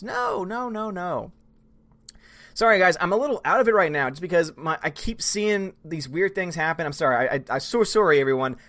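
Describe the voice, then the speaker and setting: A young man hosting a live stream, chatting casually and reading out viewer comments in a rambling, animated way. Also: high-pitched, fairly quick. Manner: rambling, animated, frequent restarts and laughs.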